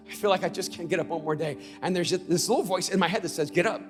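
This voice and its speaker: A middle-aged male pastor preaching a conference sermon, moving from storytelling to shouted, emphatic peaks. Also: high-pitched, fast, hardly any pauses, long reverb tail, faint music behind. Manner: builds from conversational storytelling to shouted crescendos.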